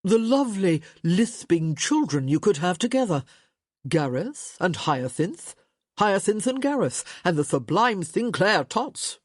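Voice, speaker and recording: A woman's voice: on the low side, big pitch swings, unhurried, dry recording, studio quality. A woman voicing a flippant young man teasing his sister in an audiobook. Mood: gleeful. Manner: teasing and flip.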